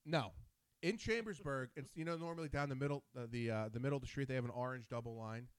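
A man's voice: medium pitch, clean tone, dry recording. A man from New Jersey hosting a casual talk show, telling rambling stories with lots of energy. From New Jersey, USA. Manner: animated storyteller, quick and rambling. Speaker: host. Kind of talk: casual chat.

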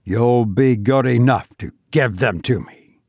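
A man's voice: unhurried, a little mellow, no echo, clean studio sound. A man voicing a stern, short-tempered man who speaks bluntly and with restraint. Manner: blunt, curt, low and restrained.

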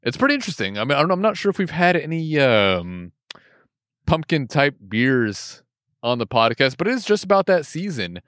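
A man's voice: fairly high pitch, very animated, normal speed, fairly bright tone, dry recording, clean studio sound. A man co-hosting a casual drink-tasting podcast, laughing often and teasing his co-host.

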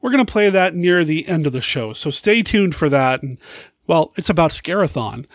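Man, podcast host, casual, enthusiastic, fairly high voice, dry close sound. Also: lively intonation, normal speed, no echo. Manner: enthusiastic, rambling.

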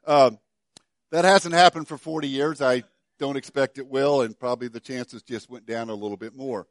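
A middle-aged pastor preaching a sermon, telling a story with many stammered restarts and dropping to soft, quiet passages. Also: male voice, mid-range voice, fairly even intonation, normal speed, no room sound, studio quality.

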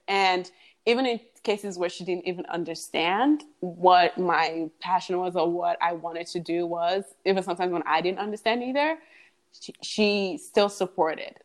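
A woman's voice: fairly low pitch, normal speed. A young woman guest in a casual podcast chat, speaking earnestly and reflectively with frequent fillers.

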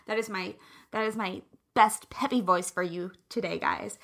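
A woman's voice: fairly high pitch, unhurried. A woman giving casual motivational advice in a playful, emphatic way with jokey asides.

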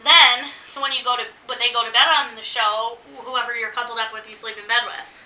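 High bright woman in an echoey room. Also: brisk, far from the mic, a little hiss or hum. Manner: animated storyteller acting out quotes. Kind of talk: casual chat.

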